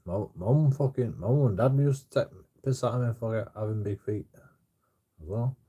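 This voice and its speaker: A man's voice: medium pitch, moderate pace, mellow, slightly rough, dull audio. A man rambling in casual chat as a streamer, swearing constantly and stammering through restarts.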